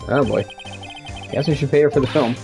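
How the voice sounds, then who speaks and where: A woman's voice: extremely low pitch, fairly quick, gravelly, music in the background, pitched below the performer's own voice. A woman voicing an awkward young male defense lawyer who talks hesitantly and stammers. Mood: flustered.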